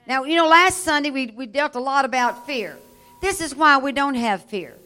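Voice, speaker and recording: A woman's voice: sits high, lively intonation. A woman preaching in a church, reading scripture aloud and leading the congregation in repeating it. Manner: reads scripture slowly, building to loud call-and-response. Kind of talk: sermon.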